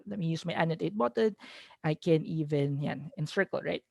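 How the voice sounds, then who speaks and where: Filipino-accented teacher trainer, mid pitch, explaining step by step on a video call with a dry sound. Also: fairly quick, vocal fry, a little mellow, no room sound. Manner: explanatory, switches between English and Tagalog, checks in with "okay?". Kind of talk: online teacher-training lecture.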